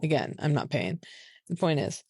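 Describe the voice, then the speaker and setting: Podcast co-host, woman, low voice, dry sound, animated storyteller. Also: normal speed, vocal fry, husky, no echo. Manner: animated storyteller, acts out quoted people with jumps in pitch. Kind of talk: casual chat, storytelling.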